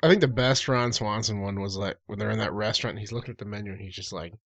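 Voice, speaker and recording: A man's voice: lowish voice, quick pace, gravelly, a bit bright. A man chatting casually, retelling a comedy scene. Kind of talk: casual chat.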